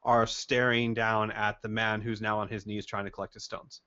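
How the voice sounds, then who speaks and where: A man's voice: lowish voice, level tone, moderate pace, pushed and bright, clear, resonant tone, highs cut off. A man running a tabletop game as game master, laying out scenes step by step. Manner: lays out scenes step by step, hesitant fillers.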